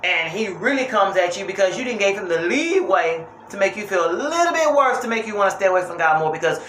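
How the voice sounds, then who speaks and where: A woman's voice: medium pitch, lively intonation, fast, a bit bright. Young woman talking about god at home, rambly and earnest, echoey room, bit of hiss. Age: young adult. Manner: rambling, earnest, repeats phrases, laughs. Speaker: faith vlogger. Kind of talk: casual faith talk. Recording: roomy with faint ambience.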